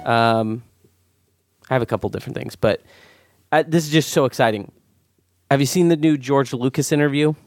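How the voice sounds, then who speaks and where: A man hosting a casual podcast chat, animated and rambling, quick to laugh and swear. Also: mid-range voice, no room sound, clean studio sound, soft background music. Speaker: podcast host.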